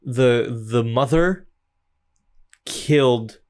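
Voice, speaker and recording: A young man co-hosting a movie podcast, joking around with folksy turns of phrase. His voice sits at an ordinary middle pitch for a man. He rambles a bit and restarts his thoughts as he goes. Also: very slow, darkish tone, smooth. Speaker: podcast co-host. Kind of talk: casual movie chat.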